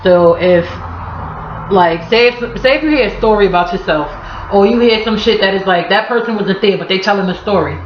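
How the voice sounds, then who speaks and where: A woman's voice: medium pitch, fairly quick, a little hiss or hum. A woman with a Harlem, New York accent explaining local slang in a blunt, profane, playful way. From Harlem, New York City. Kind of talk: casual slang explainer vlog. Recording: echoey room, slightly dull audio.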